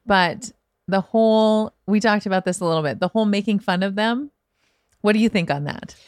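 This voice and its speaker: A woman's voice: mid-range voice, normal speed, dry recording, studio quality. A woman guest on a podcast, talking casually and acting out her own worries with laughter. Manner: animated, laughing, acts out her own panic. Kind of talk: casual chat.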